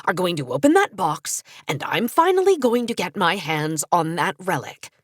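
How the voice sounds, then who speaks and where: Lady doing a smug bad guy, low and sneery, storybook villain. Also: big pitch swings, normal speed, no echo, clean studio sound. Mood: menacing. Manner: sneering, taunting. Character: scheming male villain, cold and smug.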